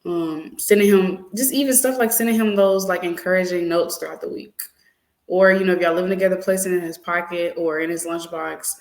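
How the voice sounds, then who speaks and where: Chatty young woman in an echoey room. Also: fairly low pitch. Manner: lively, laughs often, filler-heavy. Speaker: podcast co-host. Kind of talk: casual chat.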